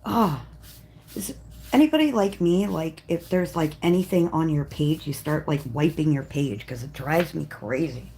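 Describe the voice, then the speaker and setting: A woman hosting a live coloring stream, chatting casually in a rambling way and often clearing her throat as she works. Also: low voice, moderate pace, mellow. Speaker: coloring livestream host. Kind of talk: casual livestream chat while coloring.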